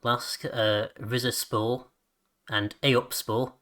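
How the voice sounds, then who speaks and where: Bright-voiced man hosting a podcast. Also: mid-range voice, slow pace. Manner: laughs often, repeats words when excited. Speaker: podcast host. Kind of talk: casual chat.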